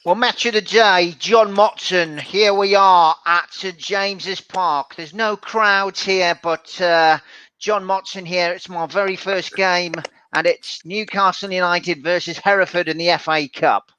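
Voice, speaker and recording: Guy doing an old footy commentator, slow and careful, high bright voice. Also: steady tone, clear, resonant tone, dry recording, low-quality recording. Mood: measured. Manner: slow, measured commentary delivery. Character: impression of a veteran football commentator, male, older.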